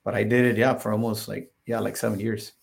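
A man guest on a podcast, telling stories in a casual, filler-heavy way and getting animated when he quotes himself. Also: lowish voice, a little fast, gravelly. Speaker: podcast guest, solar salesman. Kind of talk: casual interview storytelling.

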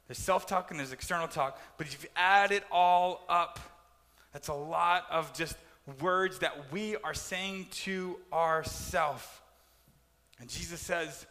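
A man preaching a sermon as pastor, animated and acting out complaining voices. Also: a little high, takes it slowly, in a large hall.

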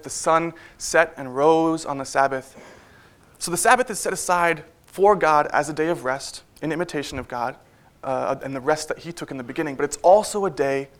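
Guy giving a chatty sermon at church, bit higher pitched, lots of ums and little jokes. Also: fairly bright tone. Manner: conversational, with frequent fillers and asides. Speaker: preacher.

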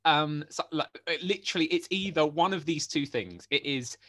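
A young man co-hosting a casual podcast chat from home, ranting in an animated, incredulous way. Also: a little high, normal speed, no echo. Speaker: podcast co-host. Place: home in Exeter.

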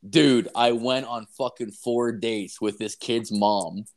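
A man's voice: medium pitch, takes it slowly. Foul-mouthed young man telling stories. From Canada. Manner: profane, rambling, heavy filler words; animated, acts out voices in anecdotes. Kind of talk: casual storytelling chat.

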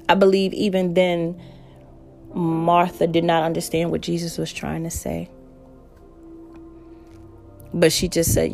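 A woman's voice: on the low side, level tone, moderate pace, creaky, long pauses, dark tone, soft background music. A woman preaching a sermon, reading scripture aloud and speaking from the heart.

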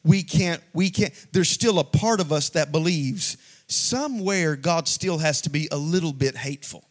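Impassioned male preacher, higher voice. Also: normal speed. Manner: impassioned preaching, swinging from shouted cadence to quiet aside. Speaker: pastor. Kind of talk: sermon. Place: church sanctuary before a congregation.

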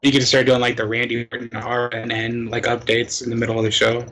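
A man's voice: mid-range voice, completely flat delivery, fairly quick, a bit bright. A man co-hosting a podcast in casual chat, tossing in dry, sarcastic quips. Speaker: podcast co-host.

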